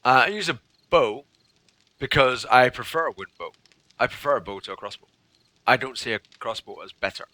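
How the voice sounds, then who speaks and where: A man's voice: medium pitch, lively intonation, fairly quick, sharp tone, no echo. A man streaming a game live, reading chat aloud, thanking followers and joking with viewers.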